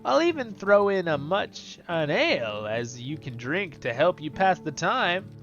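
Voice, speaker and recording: A man's voice: fairly high pitch, big pitch swings, measured pace, fairly bright tone, dull audio, soft background music, pitched above the performer's own voice, exaggerated voice. A man doing a fretful innkeeper, put-on Irish lilt. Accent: put-on Irish or Scottish. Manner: reads quest text aloud with stumbles. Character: grumbling male innkeeper fretting over his haunted inn.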